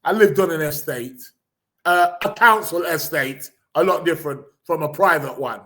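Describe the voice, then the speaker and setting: A fairly high-pitched male voice with a sharp tone and a moderate pace, plus a little hiss or hum in the recording. He's an English podcast host doing casual live news reading, rambling and sarcastic, with plenty of fillers and restarts.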